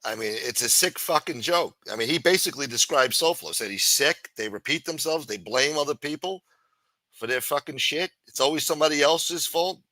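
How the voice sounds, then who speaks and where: A man's voice: fairly high pitch, animated, a little fast, pushed and bright, no room sound, rough recording. A man hosting a livestream, ranting heatedly with heavy profanity and sarcasm. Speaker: livestream host.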